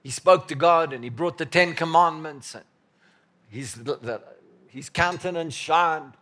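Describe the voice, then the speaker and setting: A man preaching a sermon as pastor, emphatic and repetitive, swinging from loud bursts to quiet murmurs. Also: fairly high pitch, unhurried.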